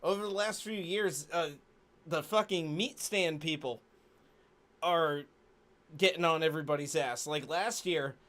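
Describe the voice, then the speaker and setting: A man with a notably high voice chats in a relaxed way, filling gaps with "uh" and "like". He throws in crude jokes and curses as he talks. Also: a little slow. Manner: laid-back, many fillers, crude jokes. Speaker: podcast co-host. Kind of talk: casual profane chat.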